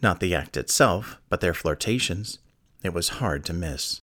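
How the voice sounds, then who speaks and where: A man's voice: low voice, expressive, unhurried, fairly bright tone, heavily acted. A man reading as a sly, creepy murder fan. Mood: scornful. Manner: insinuating, sly and mocking. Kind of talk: audiobook character reading.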